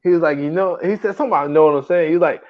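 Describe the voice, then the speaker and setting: A man co-hosting a casual movie podcast, rambling with halting starts and bursts of laughter. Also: a little high. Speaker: podcast co-host. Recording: dull lo-fi mic.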